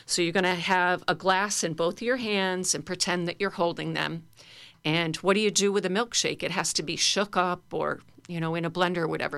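A middle-aged woman leading a guided laughter exercise class, playful, breaking into high silly laughs and fake sneezes. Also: normal speed, fairly bright tone, no room sound. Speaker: laughter yoga leader.

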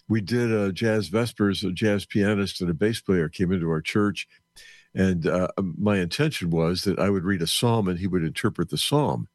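A man's voice: low voice, no echo. A male radio host introducing a recording and asking questions, hesitating with frequent fillers. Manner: hesitant, lots of uh. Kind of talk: casual interview.

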